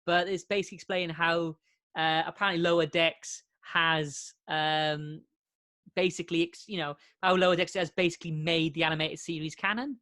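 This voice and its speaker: Rambling, laughing podcast co-host. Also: male voice, a little high, fairly even intonation, moderate pace, sharp tone, no echo. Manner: rambling, laughs often, many restarts. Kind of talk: casual chat.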